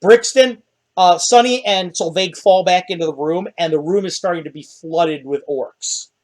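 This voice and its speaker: A man narrating as dungeon master, describing the scene vividly and answering players. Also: sits high. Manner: vivid, animated narration with quick character voices. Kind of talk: narrating a tabletop game.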